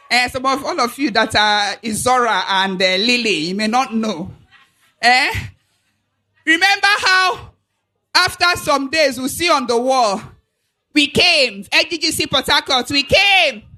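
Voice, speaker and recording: A Nigerian woman hosting an alumni event on a handheld mic, playful and teasing as she calls for shouts from the crowd. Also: sits high.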